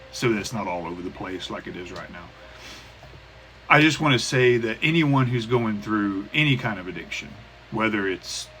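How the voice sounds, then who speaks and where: A man in his thirties talking haltingly in a personal recovery vlog, with many restarts and fillers. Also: on the low side, sharp tone. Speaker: vlogger. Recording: poor cheap-mic sound with faint hiss.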